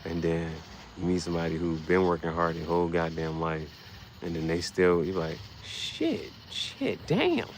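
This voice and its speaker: A man ranting casually and profanely on his vlog, rambling and getting animated as he goes. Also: deep voice, a little fast, a little hiss or hum, rough recording. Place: dim room.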